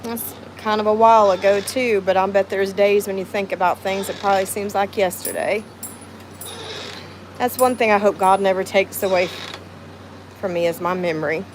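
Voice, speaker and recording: A woman's voice: medium pitch, steady tone, normal speed, a little hiss or hum, rough recording. A middle-aged woman with a Southern US accent, hosting a casual livestream chat outdoors at home, rambling and emotional as she greets viewers by name. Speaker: livestream host.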